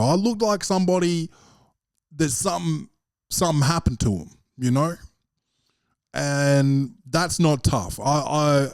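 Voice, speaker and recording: A man's voice: medium pitch, a little mellow, no echo, clean studio sound. A young man hosting a casual solo podcast at home, rambling and swearing, with "bro" and "man" in almost every sentence. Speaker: podcast host.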